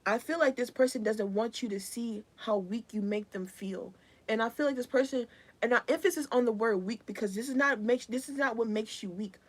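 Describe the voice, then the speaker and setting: Woman, young adult, tarot reader, slangy, rambling, restarts, higher voice. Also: fairly quick. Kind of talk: live collective tarot reading.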